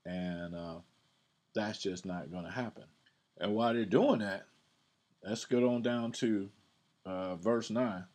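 A man's voice: on the low side, slow, pauses often, a little mellow. A man hosting a podcast, teaching from the Bible in a casual, conversational way, often repeating words and reading verses aloud with emphasis.

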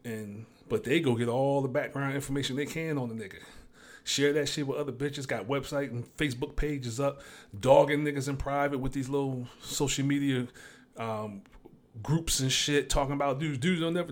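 A man's voice: medium pitch, brisk. A man hosting his own show, talking alone in a blunt, profane, ranting way. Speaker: show host. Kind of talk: casual monologue.

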